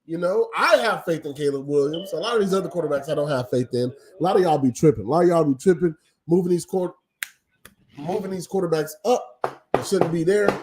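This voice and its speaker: A man talks through a livestream with casual, opinionated commentary, often pausing on ums as he thinks aloud. His voice sits a little high yet sounds mellow and dark-toned. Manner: opinionated, rambling, frequent ums. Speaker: livestream host.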